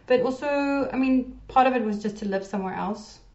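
A young woman with a South African accent, a game producer chatting as a podcast guest, relaxed and quick to laugh. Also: high voice, reverberant, lo-fi sound. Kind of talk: casual chat.

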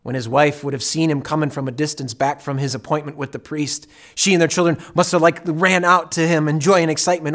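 A man preaching as pastor, retelling a story with vivid dramatic delivery and sudden swings from quiet to loud. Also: on the high side, fairly even intonation, fairly quick, few pauses. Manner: dramatic storytelling, acting out voices with big swings in loudness. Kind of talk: sermon.

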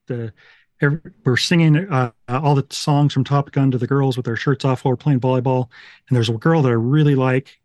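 A middle-aged man from Utah tells his life story as a podcast guest. He rambles along casually and pokes fun at himself. The voice sits at an ordinary pitch in a dry, close room. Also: darkish tone, no echo. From Utah, USA. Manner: rambling, self-deprecating, fond of 1980s references.

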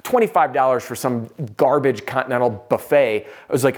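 A man teaching sales, telling a self-deprecating story in an animated, conversational way. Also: medium pitch, fairly quick, soft background music. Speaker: sales trainer.

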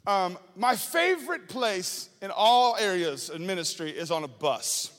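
A male student ministry pastor, preaching with animated storytelling that shifts from slow prayer to lively anecdotes. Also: high-pitched, big-room sound. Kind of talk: sermon with personal storytelling.

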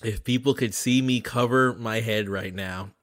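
A man co-hosting a podcast in casual chat, animated and playful, often stammering and restarting his sentences. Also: lowish voice, moderate pace, crowd noise. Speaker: podcast co-host.

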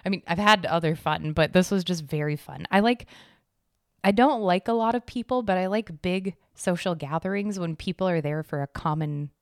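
A woman hosting a podcast in casual, rambling chat, her voice a little hoarse from recently losing it, chipper and laughing often, on a desk mic at home. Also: lowish voice, moderate pace, dry recording, clean studio sound. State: hoarse, recovering from lost voice. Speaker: podcast host. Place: home room decorated for Halloween.

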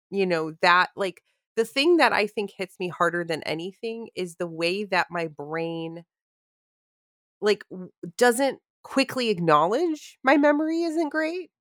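A woman's voice: mid-range voice, animated, measured pace, fairly bright tone, dry recording, studio quality. A woman co-hosting a casual podcast, thinking aloud in a reflective way with frequent restarts, asides and laughter. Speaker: podcast co-host.

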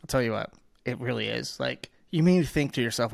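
Guy w a gravelly voice, blunt n emphatic, podcast guest talking shop, dry close sound. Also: medium pitch, brisk, no echo. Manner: candid and emphatic, with blunt asides. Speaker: guest marketing executive. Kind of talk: casual podcast interview.

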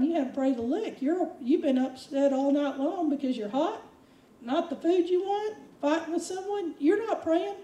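A woman preaching a sermon, animated, acting out quotes with big swings of voice. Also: high voice, echoey room, distant mic, rough recording. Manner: animated, dramatic quoting with voice swings.

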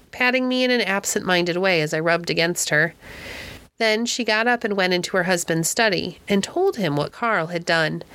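A woman reading a classic novel aloud in a clear, steady storybook manner. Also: on the low side. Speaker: audiobook narrator.

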